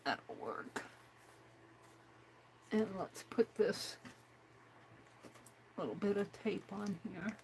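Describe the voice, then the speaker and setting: A woman's voice: mid-range voice, expressive, extremely slow, long pauses, husky, poor audio. A woman hosting a crafting livestream, chatting casually to herself and her viewers while she works. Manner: chatty, talks to herself while working, reads chat aloud.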